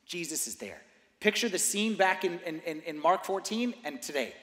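A man delivers an animated sermon, his voice pitched high and ringing bright. He drops to near-whispers, then climbs into loud, emphatic bursts, hammering each point with repetition. The sound carries a long, echoing church reverb. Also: normal speed. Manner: drives points home with repeated phrases. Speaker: preacher.

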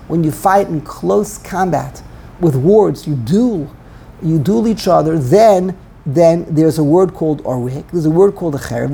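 A man teaching a text study class, thinking aloud in a halting way and often repeating words. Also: fairly high pitch, creaky, darkish tone.

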